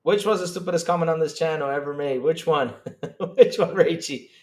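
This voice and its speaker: A man hosting a live stream, reading chat aloud and reacting with excitable disbelief and frequent laughter. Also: a little high. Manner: excitable, incredulous, laughing, rapid swings in loudness.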